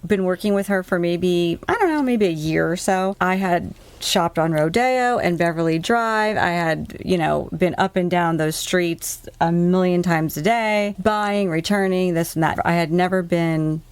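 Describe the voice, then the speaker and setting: Animated woman telling a story, low voice. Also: a little slow, few pauses, clean tone, dry recording. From US East Coast. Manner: animated storyteller, laughs often. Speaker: podcast co-host. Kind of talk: casual storytelling chat.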